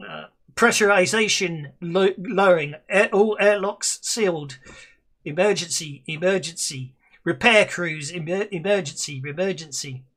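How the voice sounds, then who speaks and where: A man's voice: high-pitched, unhurried, full character voice. A man doing an automated ship alarm voice. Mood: urgent. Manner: flat repeated warnings.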